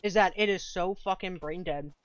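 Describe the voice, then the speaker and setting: A woman's voice: on the low side, moderate pace, no echo, lo-fi sound. A woman streamer chatting casually with viewers while playing a game, laid-back and swearing freely, sometimes eating as she talks. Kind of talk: casual gaming stream chat.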